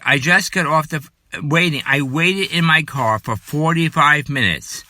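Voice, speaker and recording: A man delivering an angry political rant, shouting and repeating himself, then quieting down to apologize for his anger. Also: a little slow, dry recording. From United States. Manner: furious, shouting, repetitive, later apologetic and lower. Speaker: political commentator.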